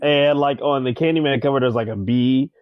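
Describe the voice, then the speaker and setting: A man's voice: medium pitch, a little fast, no echo, muffled recording. Rambling, joking podcast co-host man. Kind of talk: casual chat.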